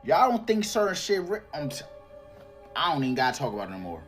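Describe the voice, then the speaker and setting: A man's voice: a little high, very animated, quick pace, faint music behind. A man hosting a reaction video, talking casually and slangily to his viewers. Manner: slangy, exclaiming, addresses viewers as y'all. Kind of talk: casual commentary on a clip.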